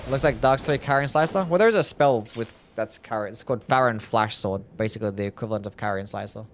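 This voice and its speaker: A man's voice: fairly low pitch, moderate pace, slight background noise. A young man casually commenting on a game live, musing aloud and answering viewer questions. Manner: laid-back, musing, answers chat questions. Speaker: streamer.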